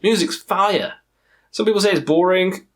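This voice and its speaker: A man with a tired, strained throat talks excitedly through his favourite metal bands in a casual vlog, swearing often and rambling as he goes. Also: high voice, moderate pace. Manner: profane, enthusiastic, rambling. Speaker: metal music reviewer.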